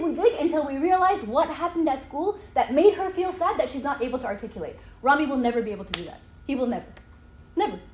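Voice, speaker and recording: Lively high-voiced woman speaking in an echoey hall. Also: slight background noise. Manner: animated, often ends lines with "okay?". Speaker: speaker at a church youth talk. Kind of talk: lively talk with slides. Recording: echoey hall, faint ambience.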